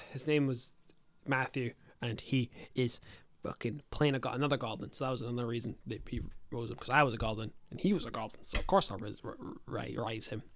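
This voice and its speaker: Young man, podcast host, game master, rambling, swearing, self-correcting, smooth clear voice, dry close sound. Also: medium pitch, dry recording. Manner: rambling, profane storytelling with many self-corrections. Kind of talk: casual podcast chat.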